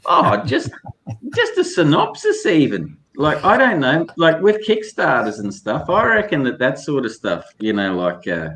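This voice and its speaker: A man's voice: a little high, huge pitch swings, unhurried, a bit bright, slight background noise. A man with an Australian accent, chatting casually and laughing as host of a group talk show. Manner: laid-back, slangy, laughs often.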